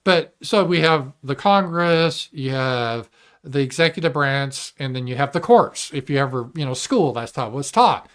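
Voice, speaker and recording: A man's voice: medium pitch, expressive, moderate pace, a bit bright. A man hosting his own livestream show, giving a blunt, profane commentary monologue and reading viewer messages aloud. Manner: blunt and profane, mimics opponents in mocking voices; reads viewer super chats aloud. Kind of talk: casual political commentary monologue.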